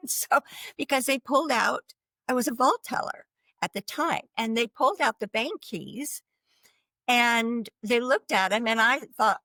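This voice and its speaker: A woman giving a personal faith testimony as a guest, talking in an earnest, halting way with restarts and light laughs. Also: on the high side, sharp tone, no room sound, rough recording. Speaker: guest sharing her life story.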